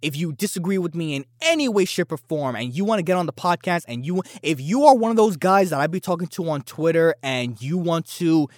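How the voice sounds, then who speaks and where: A man's voice: fairly high pitch, expressive, quick pace, few pauses, no room sound, studio quality. A man hosting a casual opinion podcast, talking in a brash, boastful and challenging way. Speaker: podcast host.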